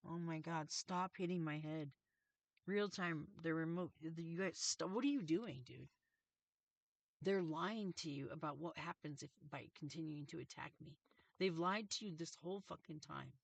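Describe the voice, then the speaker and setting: A woman's voice: low-pitched, gravelly, no echo. A woman reading tarot on a livestream, channeling messages in an agitated, profane, confrontational rant. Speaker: tarot reader and streamer.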